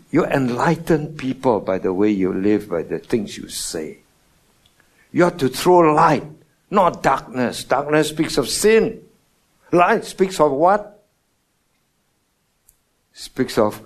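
A man preaching a morning sermon, stressing words with sudden loud and soft swings and asking his listeners questions. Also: mid-range voice. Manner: emphatic, rising and falling in loudness for stress; asks the congregation rhetorical questions.

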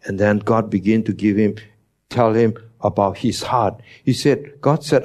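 A man's voice: fairly low pitch, unhurried, darkish tone. A man preaching a teaching sermon, emphatic, his voice jumping up on key words, with non-native English phrasing.

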